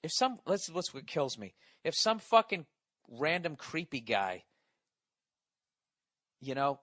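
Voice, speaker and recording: A man's voice: a little high, sing-song, takes it slowly, a bit bright, no echo. A man delivering a profane, exasperated comedy rant as a podcast host, often stammering through restarts. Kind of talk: ranting comedy monologue.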